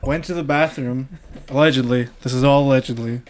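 A man's voice: mid-range voice, steady tone, a little fast. Profane storytelling man on a podcast. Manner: storytelling, profane, hedging with "allegedly". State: high on cannabis. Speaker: podcast co-host. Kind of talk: casual chat.

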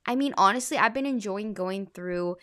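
A woman's voice: mid-range voice, normal speed, fairly bright tone, no echo. Chatty young woman podcaster, dry sound. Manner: chatty, filler-heavy retelling with frequent "like". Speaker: podcast host. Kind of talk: casual storytelling podcast.

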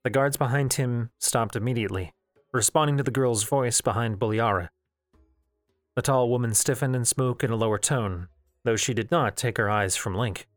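A man narrating a novel in a measured, even storytelling voice. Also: mid-range voice, no room sound, faint music behind. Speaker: audiobook narrator. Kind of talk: novel reading.

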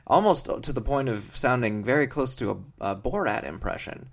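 Mid-pitched man, deadpan comedy podcast co-host who rambles. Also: moderate pace, vocal fry. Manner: rambling, mock-earnest, full of fillers.

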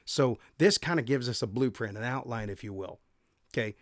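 A man's voice: medium pitch, fairly quick, dry recording. Dry, conversational man teaching scripture. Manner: conversational, reads scripture then explains, frequent self-corrections. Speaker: podcast host and Bible teacher. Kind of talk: casual devotional podcast teaching.

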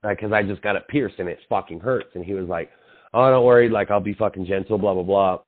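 A man's voice: on the low side, fast talker. A young man co-hosting a podcast, telling a long, profane story with lots of acted-out quotes and fillers. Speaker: podcast co-host. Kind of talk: casual chat. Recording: tinny phone-like sound.

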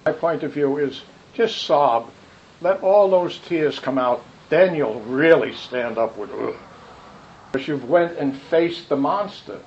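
A man with a slightly high voice gives a rambling spiritual talk, full of stories and asides. The recording is muffled and lo-fi. A faint hiss runs underneath. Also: takes it slowly. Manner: rambling, animated storytelling with asides. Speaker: spiritual teacher. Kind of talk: dharma talk with questions.

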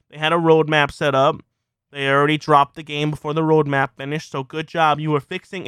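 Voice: medium pitch, a bit bright, smooth, no echo, clean studio sound. A gaming commentator ranting heatedly, swearing constantly and firing off rhetorical questions.

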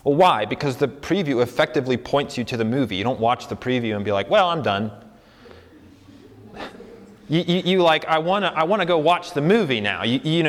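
A man preaching a sermon as pastor, earnest and conversational. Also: on the high side. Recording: long hall reverb.

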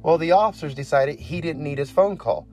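A man's voice: on the high side, a little fast, a little mellow, soft background music. A man and former prison officer giving emphatic, impassioned personal testimony.

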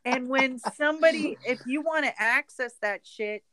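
A woman's voice: high-pitched, moderate pace, a bit bright, no room sound. A woman in casual chat, talking frankly and bluntly, with a bawdy humor. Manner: frank, blunt and bawdy, acts out quoted voices.

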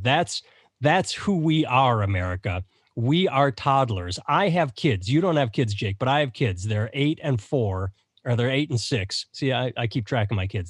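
A man in his thirties holds forth on a podcast with sardonic, profane ranting. His pitch sits in the middle of the range for a man. The recording is dry and close. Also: dry recording. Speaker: podcast co-host. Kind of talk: casual chat.

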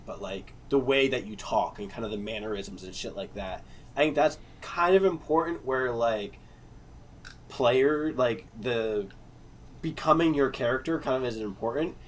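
A man's voice: mid-range voice, a little hiss or hum. A man chatting loosely about role-playing games, rambling with lots of fillers and the odd swear. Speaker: player and game master. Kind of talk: casual podcast chat.

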